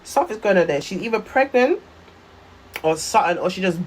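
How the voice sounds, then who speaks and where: A woman's voice: medium pitch, lively intonation, fairly quick, slight background noise, poor audio. A woman with a Jamaican accent ranting on a phone live stream, repeating insults in a heated, cutting manner.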